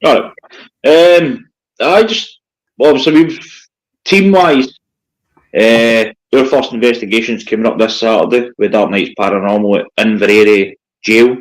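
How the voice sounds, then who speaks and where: A man's voice: mid-range voice, a little slow, low-quality recording. A Scottish man, a paranormal investigator, joking dryly as a guest in a casual live chat.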